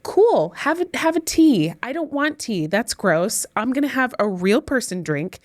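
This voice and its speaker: A woman and former teacher co-hosting a casual podcast, talking in an expressive, ranting way. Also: fairly high pitch. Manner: expressive, ranting, quick laughs.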